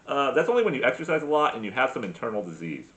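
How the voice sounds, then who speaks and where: A man rants through a profane comic monologue. He stumbles over fillers and restarts as he goes, and his pitch moves all over the place. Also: very animated, rapid-fire, fairly bright tone, dull audio. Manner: crude, rambling, full of fillers and restarts. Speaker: comedy podcast host.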